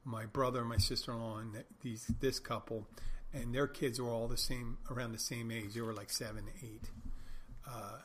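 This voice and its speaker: A man's voice: medium pitch, fairly even intonation, moderate pace, slight background noise. A middle-aged man hosting a podcast, telling rambling stories in a wry, self-correcting way. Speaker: podcast host, bartender. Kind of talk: casual monologue storytelling.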